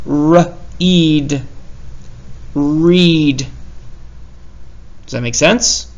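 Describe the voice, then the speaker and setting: A man teaching a spelling lesson at a very unhurried pace, stretching out each sound. His voice sits a little high and has a gravelly edge. He is playful and pokes fun at his own slips. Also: muffled recording. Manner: slow, sounding out words with playful self-teasing.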